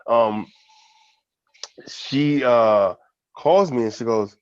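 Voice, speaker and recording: A man's voice: medium pitch, drawn-out words, smooth, no room sound, lo-fi sound. A man co-hosting a casual podcast, telling a long funny story, swearing often and laughing. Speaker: podcast co-host.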